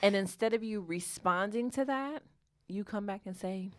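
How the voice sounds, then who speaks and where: A woman's voice: medium pitch, moderate pace, dry recording. A woman co-hosting a casual podcast chat, teasing and earnest as she tells stories and makes her point. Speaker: podcast co-host.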